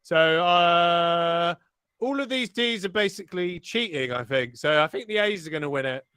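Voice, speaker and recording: A man giving casual, excitable live race commentary, sweary and rambling with fillers. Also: high-pitched, normal speed, clear, resonant tone.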